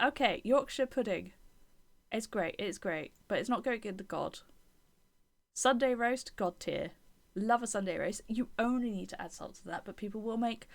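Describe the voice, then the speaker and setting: A woman's voice: on the high side, brisk. A young British woman chatting casually while live-streaming a game, opinionated and given to rambling restarts and indignant bursts.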